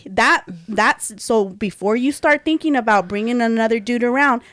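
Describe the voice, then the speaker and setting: Animated woman co-host, dry close sound. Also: fairly high pitch, moderate pace, no echo. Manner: animated storyteller, quotes others, Spanish slang. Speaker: podcast co-host. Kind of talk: casual chat.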